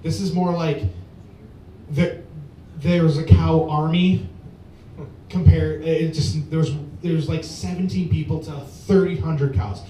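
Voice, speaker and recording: A man's voice: fairly even intonation, unhurried, dark tone. Rambling stand-up man in an echoey bar. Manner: rambling storytelling with many fillers. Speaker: stand-up comedian. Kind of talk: open mic stand-up. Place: small bar at open mic. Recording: echoey bar from far off with faint rumble.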